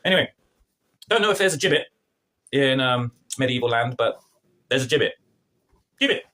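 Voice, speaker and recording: A film and TV reviewer rants to camera about a TV episode he dislikes, talking fast and sounding exasperated and sarcastic. His slangy retelling leaps up and down in pitch as he mocks the characters, and the lively, rapid rant never lets up.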